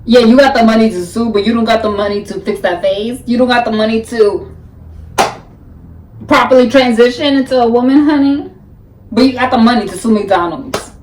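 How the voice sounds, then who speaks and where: A woman's voice: fairly high pitch, a little fast, darkish tone, distant mic, slight background noise. A woman hosting a reaction video, talking in a blunt, sassy way and drawling "honey" often. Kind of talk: sassy casual commentary. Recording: echoey room, off-mic.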